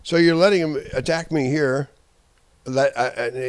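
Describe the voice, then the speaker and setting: A man in a rambling, profane personal rant, swinging between shouting and muttering. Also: mid-range voice, steady tone, measured pace, slight background noise. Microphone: handheld camera.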